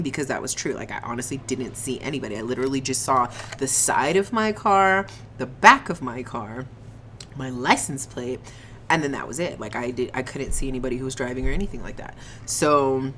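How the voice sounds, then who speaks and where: A young woman telling a casual storytime on her vlog, animated and slangy, swearing and laughing often, eating on camera. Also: rumbling low, a little hiss or hum. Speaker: vlogger.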